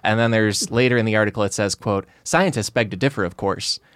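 A man's voice: fairly low pitch, brisk, a bit bright, no echo, studio quality. A man hosting a podcast, chatting casually and laughing often. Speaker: podcast host. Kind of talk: casual chat.

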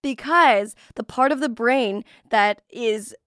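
Woman cohost on a podcast, kinda high voice, giggly and teasing, dry close sound. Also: fairly bright tone, dry recording. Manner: playful, giggly, quick to tease. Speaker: podcast co-host. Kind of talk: casual podcast chat.

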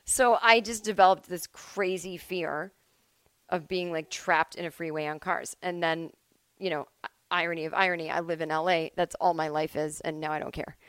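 A woman's voice: fairly low pitch, fairly even intonation, moderate pace, fairly bright tone, smooth, dry recording. A woman in her forties from Massachusetts, hosting a solo comedy podcast from home, rambling and self-deprecating with lots of "like" and "I don't know". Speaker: podcast host.

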